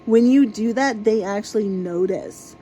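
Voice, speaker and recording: A woman's voice: mid-range voice, measured pace, mellow, slight background noise, poor audio. A woman vlogger in an exasperated, casual ranting monologue, swearing freely.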